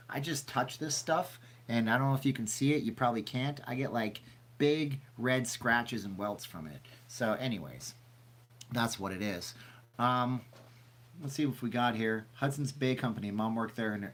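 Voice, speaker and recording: A man's voice: medium pitch, fairly bright tone. A man hosting a casual livestream, rambling and chatty as he reads questions from the chat aloud, sniffly from seasonal allergies. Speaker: channel host answering live chat.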